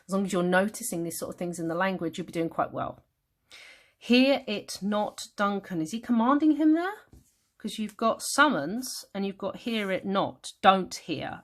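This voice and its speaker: A woman with a British accent teaching a revision lesson. She thinks aloud, corrects herself and reads verse lines slowly. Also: on the low side. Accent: British English. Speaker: English literature tutor. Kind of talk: revision lesson, annotating a text.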